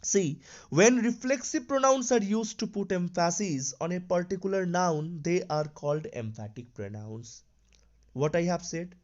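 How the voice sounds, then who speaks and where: A man's voice: high-pitched, highs cut off. A man teaching an English grammar lesson, explaining patiently and repeating his examples with lots of "you know" and "okay".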